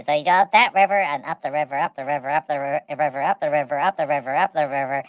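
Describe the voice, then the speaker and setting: A woman's voice: sits low, fast, dry recording, highs cut off. Rambling woman telling a silly tale. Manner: rambling, repeats words, speaks of herself in third person. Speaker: podcast host. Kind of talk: rambling comic storytelling.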